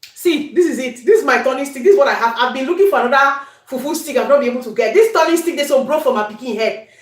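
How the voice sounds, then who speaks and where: A Cameroonian cooking channel host with a high, lively voice walks viewers fast through a recipe in her home kitchen. She's chatty, talks straight to her audience, and drifts into Pidgin during the casual demonstration, while the room gives an echoey sound.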